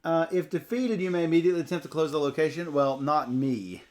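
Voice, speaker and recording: A man's voice: fairly high pitch, fast talker. A playful man co-hosting a tabletop card game playthrough, reading card text aloud and laughing often. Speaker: co-host teaching a card game.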